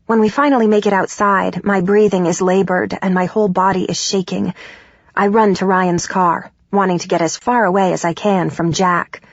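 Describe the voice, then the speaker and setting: A woman's voice: medium pitch, fairly even intonation, moderate pace, no echo. Woman narrating an audiobook, dry and muffled. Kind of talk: first-person audiobook narration. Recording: dull, dry studio recording.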